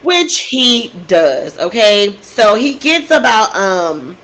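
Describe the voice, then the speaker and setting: A woman's voice: medium pitch, sing-song, slow pace, fairly bright tone, poor audio. A woman telling a true crime story casually into a desk microphone, getting emotional and outraged and talking straight to her listeners.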